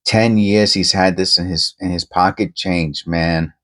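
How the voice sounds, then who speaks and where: A man hosting a casual coin-hunting vlog, rambling and excitable, often tacking "man" onto his sentences. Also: sits low, unhurried.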